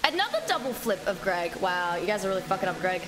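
A woman livestreaming a game, chatting casually with her viewers, excitable and swearing freely. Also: fairly low pitch, fast, background noise. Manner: excitable, swears a lot, talks to chat. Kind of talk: casual gameplay livestream chat.

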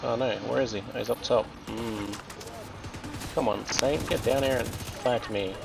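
Casting: Australian male streamer, gravelly and chatty, loud gunfire underneath. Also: mid-range voice, fairly even intonation, a little slow, background noise. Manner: chatty, joking, reacting aloud to the game. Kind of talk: casual gameplay commentary. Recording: game gunfire and explosions loud behind voice.

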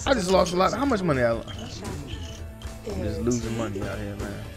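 A man's voice: mid-range voice, animated, normal speed, loud music behind the voice. A man doing let's play commentary, reacting with slangy, profane banter as he plays. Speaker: gaming commentator.

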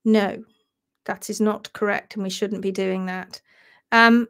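A woman's voice: mid-range voice, steady tone, takes it slowly, long pauses, fairly bright tone, clear, resonant tone. An English woman hosting a live stream, talking in a passionate, emphatic way. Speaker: host.

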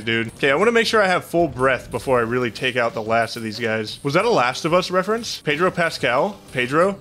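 A young man giving excitable, profane gameplay commentary as a gaming channel host, with panicky outbursts. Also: on the high side, fast talker, few pauses.

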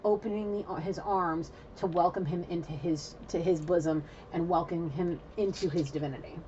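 Woman, intuitive reader, casual rambling, excitable, faint hiss behind. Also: fairly low pitch, moderate pace, lo-fi sound. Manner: excitable, rambling, swears, talks to viewers directly. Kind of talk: casual spiritual reading to camera.

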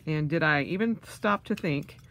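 A woman's voice: low-pitched, normal speed, fairly bright tone, a little hiss or hum. A woman vlogger unboxing things, gushing with gasps and delighted exclamations. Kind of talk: casual unboxing vlog.

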